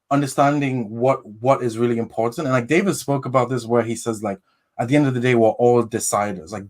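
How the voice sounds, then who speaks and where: A man as a podcast guest, talking in a hesitant, rambling way with many restarts. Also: mid-range voice. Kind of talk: casual chat.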